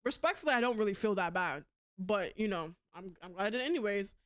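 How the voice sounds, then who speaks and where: A woman's voice: medium pitch, expressive, fast talker. A young adult woman streamer in casual chat, blunt and rambling, cussing freely. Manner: blunt and heavy on profanity; rambling with frequent restarts.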